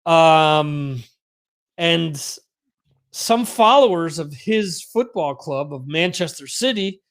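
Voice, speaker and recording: Man, middle-aged, high voice, rambling podcast chatter with lots of fillers. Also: animated, slow. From United States. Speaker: podcast host. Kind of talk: casual chat.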